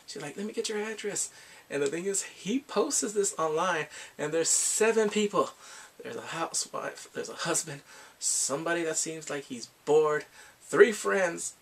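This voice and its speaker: A man giving a casual, rambling movie review, laughing often and acting out quotes in high voices. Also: gravelly, husky.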